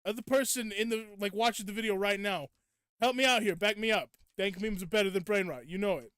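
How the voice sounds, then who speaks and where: A young man with a fairly high, smooth voice chats casually while streaming a game. He rants at his viewers in playful, mock-indignant bursts. The sound is close and dry, with almost no room around it. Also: a little fast, fairly bright tone, no echo. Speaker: gaming streamer. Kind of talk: casual live gameplay chat.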